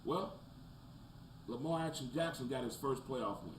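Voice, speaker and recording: Animated man ranting about football, roomy echo. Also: unhurried. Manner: animated, swings from loud rants to low mutters. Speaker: sports talk show host. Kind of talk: casual sports commentary. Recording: roomy echo, faint background noise.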